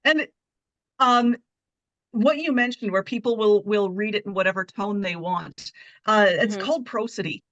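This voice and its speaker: Measured woman communication coach. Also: mid-range voice, a bit bright, dry recording, highs cut off. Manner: explanatory, measured. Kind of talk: casual chat.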